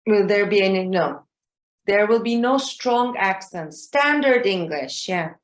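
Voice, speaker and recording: A woman trainer teaches a class over a video call at a middle pitch. She is patient and keeps checking in with "okay?" and "yeah?" Her voice carries a roomy echo. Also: unhurried. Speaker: exam trainer. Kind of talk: live online class.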